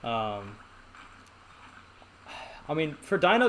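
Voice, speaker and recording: A man's voice: mid-range voice, moderate pace. A young man hosting a gaming channel, giving rambling casual commentary to viewers as he plays. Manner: rambling, talks to viewers, frequent restarts.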